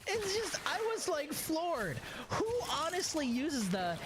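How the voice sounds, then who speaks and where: Animated, sarcastic male game streamer. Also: extremely high pitch, takes it slowly, few pauses, noisy background. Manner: animated, sarcastic, chuckling storyteller. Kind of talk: casual gameplay commentary and storytelling.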